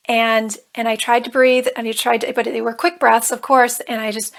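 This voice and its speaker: Earnest woman telling her story, higher voice. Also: fairly even intonation, fast, few pauses. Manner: earnest, emotional retelling with nervous humor. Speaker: life coach. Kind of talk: personal storytelling vlog.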